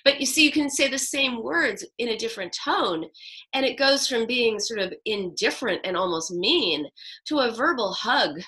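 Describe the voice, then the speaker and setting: A woman's voice: on the high side, lively intonation, moderate pace, sharp tone, low-quality recording. A middle-aged woman psychoanalyst answering interview questions in an emphatic way, acting out quoted self-talk. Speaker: psychoanalyst guest.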